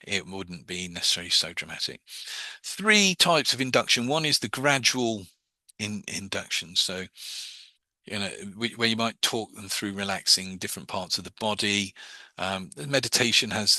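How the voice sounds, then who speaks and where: A low-pitched man gives a rambling, informal lesson on hypnosis, his voice bright and forceful. He restarts his sentences often and slips into a soft, slow patter when demonstrating. The room sounds dry and close. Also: no echo. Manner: quick, rambling, with many restarts and fillers. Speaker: hypnosis teacher. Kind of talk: informal class lecture.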